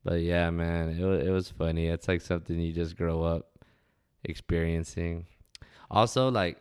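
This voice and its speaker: A man's voice: sits low, steady tone, moderate pace, a little mellow, smooth. A young man telling laid-back, profane stories from his hometown. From West Texas. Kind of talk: casual storytelling monologue.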